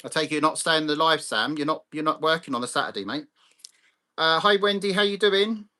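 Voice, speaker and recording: Live-stream host, man, bright and forceful, blunt and sweary. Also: fairly high pitch, fairly quick. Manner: blunt, sweary, ranting, greets chat viewers by name. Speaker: livestream host.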